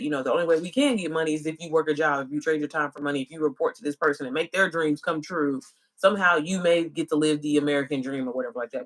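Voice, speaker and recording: A woman's voice: low voice, breathy edge. A woman chatting casually with viewers on a livestream as an online business coach, calling them y'all and girl.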